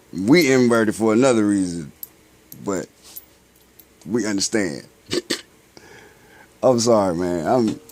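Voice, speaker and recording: In a dry recording, a man who vlogs about spirituality talks casually and slangily, shifting between loud bursts and muttered asides. He keeps raising rhetorical questions and then supplying his own answers.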